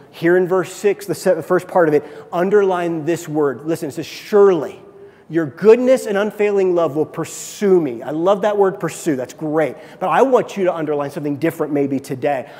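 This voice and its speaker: Male pastor with a high voice, preaching with dynamic hushed-to-emphatic swings; hall reverb. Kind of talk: sermon.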